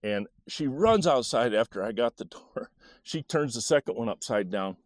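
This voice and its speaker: A man in his sixties from Michigan, telling a childhood memory in a halting, casual way with many fillers and small chuckles. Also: medium pitch, animated, no room sound. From Michigan, USA. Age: 60s. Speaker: storyteller. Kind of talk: casual personal storytelling.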